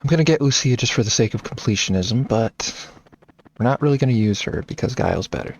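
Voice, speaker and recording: Man, let's-play commentary, thinking out loud, gravelly, muffled lo-fi sound. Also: mid-range voice, expressive, fast talker, slight background noise. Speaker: game streamer.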